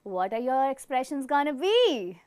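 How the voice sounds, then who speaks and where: A woman's voice: sits high, big pitch swings, measured pace, very noisy. A woman from India teaching an online acting class, giving step-by-step instructions and praising her students often. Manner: encouraging, demonstrates expressions with big acted lines. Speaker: theatre teacher.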